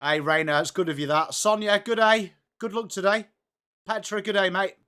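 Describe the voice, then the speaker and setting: His voice is high, bright and forceful, and he talks fairly quickly. An Englishman hosting a live football watchalong, he chats casually and greets viewers by name with upbeat enthusiasm.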